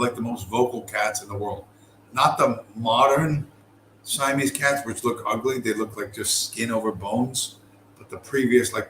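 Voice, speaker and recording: His voice is on the low side and fairly bright as this middle-aged American podcast host wanders through a long, profane story in casual talk. He uses lots of fillers and restarts, and the recording is roomy with faint background noise.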